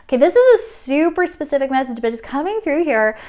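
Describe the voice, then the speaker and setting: A high-pitched woman runs a pick-a-card oracle reading at a quick pace. As a tarot card reader, she gushes and keeps bursting into excited exclamations, then settles into a soft, soothing, reassuring tone when speaking straight to the listener.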